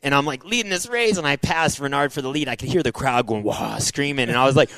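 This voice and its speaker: Man, 40s, ex-racer guest, casual storyteller, lively delivery, dry close mic. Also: medium pitch, fast talker, no room sound. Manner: animated, says "dude" and "like" a lot, acts out his own past thoughts. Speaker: guest, former motocross racer.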